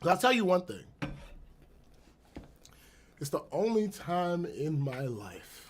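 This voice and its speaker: A man co-hosting a casual live chat show, animated and laughing often, with a slightly husky voice. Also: high voice, slow pace, a little hiss or hum. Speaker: podcast co-host.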